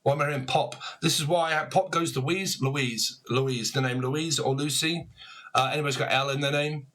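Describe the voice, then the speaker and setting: A man's voice: on the high side, fairly even intonation, a little fast, fairly bright tone. A man giving a rambling, casual tarot reading from a home room, jumping from one thought to the next. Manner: rambling, free-associating, chuckling. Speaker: tarot reader.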